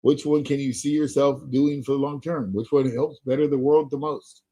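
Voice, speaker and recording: A middle-aged man leads a webinar sales training. His voice is husky and warm, and he hammers his points home by repeating them and checking that his audience is following. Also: mid-range voice, fairly even intonation, moderate pace, low-quality recording. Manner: emphatic, repetitive, checks in with the listener.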